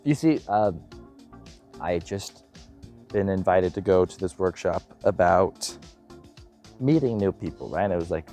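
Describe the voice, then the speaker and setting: Young man, missionary vlog, low-pitched, animated storyteller, self-deprecating. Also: measured pace, pauses often, soft background music. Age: young adult. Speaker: missionary in training. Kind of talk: casual vlog update.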